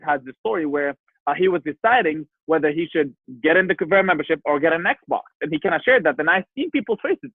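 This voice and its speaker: A man's voice: on the high side, no echo, narrow, tinny audio. A man giving a motivational sales training, emphatic, repeating his key points and checking in with "right?" after them.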